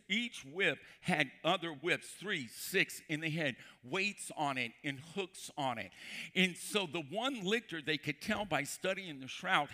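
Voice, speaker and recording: A male pastor preaching a sermon to a congregation, emphatic, slowing down to repeat scripture and quizzing his listeners. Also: fairly high pitch, pushed and bright. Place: church before a congregation.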